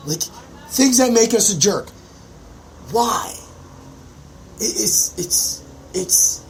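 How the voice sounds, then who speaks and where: A brash man rants through his own podcast, cursing freely and jumping into sudden high yelps. His pitch swings widely and sits a little high. A faint hiss lies under the voice. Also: lively intonation, slow pace, long pauses, rough recording. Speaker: podcast host. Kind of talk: profane ranting monologue.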